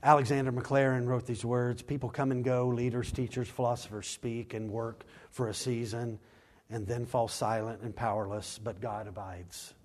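A man preaching a sermon, dropping to slow, quiet emphasis and climbing to loud, raised scripture reading, with quick acted asides. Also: mid-range voice, little pitch movement. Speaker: pastor.

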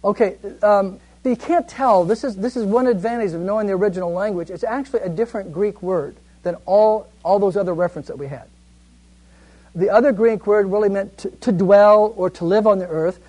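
Man, high-pitched, Bible study teacher; casual class tone, reads verses then explains. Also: brisk, mellow, poor audio. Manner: conversational, asks the group questions and answers them himself.

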